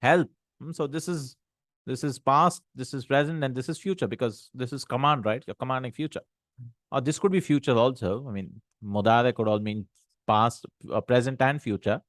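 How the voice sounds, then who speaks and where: A man teaches a grammar class in a mid-range voice. He explains each point patiently, asks his listeners questions, and reads Arabic passages out fast. The sound is dry and close, with no room echo. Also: medium pitch. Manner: questioning, checks in with "right?" and "hmm?"; recites Arabic text quickly.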